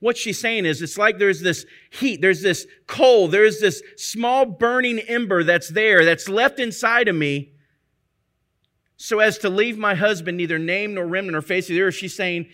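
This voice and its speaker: A male preacher delivers a conversational Bible sermon, often asking his listeners rhetorical questions. He speaks a little slowly, his high voice bright and forceful.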